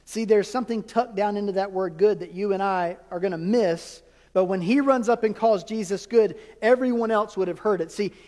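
High-voiced man preaching in a reverberant hall. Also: darkish tone. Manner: emphatic preaching with rhetorical questions and dramatic pauses. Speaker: pastor. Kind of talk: sermon.

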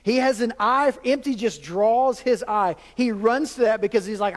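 A man's voice: very high-pitched, normal speed, hardly any pauses. A man preaching a sermon as a pastor, conversational with jokes and asides to the congregation. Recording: long hall reverb.

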